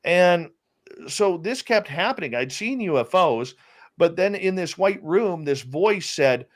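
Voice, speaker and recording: A man, a radio host, speaking as an interview guest and telling a personal story in a lively way, often restarting his sentences. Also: sits high, unhurried. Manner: animated storyteller with many restarts. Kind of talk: casual storytelling chat.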